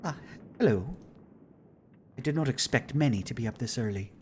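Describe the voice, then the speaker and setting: A man's voice: mid-range voice, expressive, moderate pace, background noise, pitched above the performer's own voice, natural voice. A man doing a proper woman scientist. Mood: reserved.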